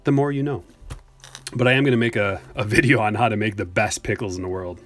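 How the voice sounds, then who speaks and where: A card break streamer talks quickly in a fairly low, fairly even voice as he opens trading card packs on a live stream. He's chatty and jokey, reads his chat aloud and responds, and is slightly out of breath over soft background music.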